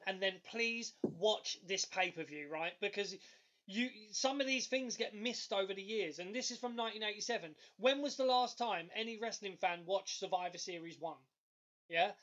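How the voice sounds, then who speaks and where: Excitable high-voiced man. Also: normal speed, highs cut off. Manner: excitable, animated storytelling with loud bursts. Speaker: podcast co-host. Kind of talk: casual chat.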